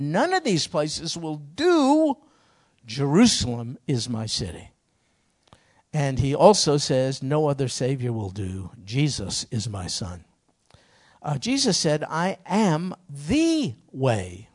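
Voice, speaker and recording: A middle-aged man preaching a sermon as pastor, emphatic, with sudden rising outbursts. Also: on the high side.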